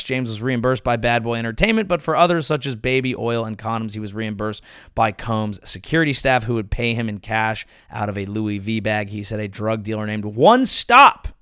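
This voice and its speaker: A male comedy podcast host riffs through an irreverent monologue with a bright, forceful voice. His pitch leaps around in lively swings as he jokes. The sound is close and dry, with no room echo. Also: clean tone. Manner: animated riffing with crude jokes.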